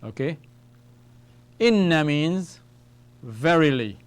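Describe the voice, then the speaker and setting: Slow, deliberate male Arabic teacher. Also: on the high side, lively intonation, clean tone. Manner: slow, deliberate, repeats words for students to follow; ends phrases with "all right?" and "okay?". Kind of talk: classroom lesson at a whiteboard.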